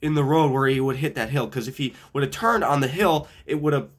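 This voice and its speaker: A young man telling a funny story in a loose, rambling way. He swears a lot, trips over his words and starts his sentences over, with fillers between the thoughts. His voice sits at an ordinary middle pitch. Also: a little fast. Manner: rambling, swears often, frequent restarts and fillers. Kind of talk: casual anecdote.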